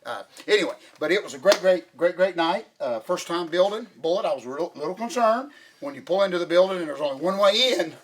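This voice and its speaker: A middle-aged man hosting casual chat, excitable and rambling with many restarts. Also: sits high, quick pace. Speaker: podcast host.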